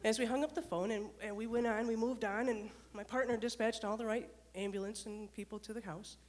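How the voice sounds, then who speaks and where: Lively woman speaker. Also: on the high side, brisk. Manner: lively storyteller, addresses audience with questions. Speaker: speaker, former dispatcher and leadership coach. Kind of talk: motivational talk with stories.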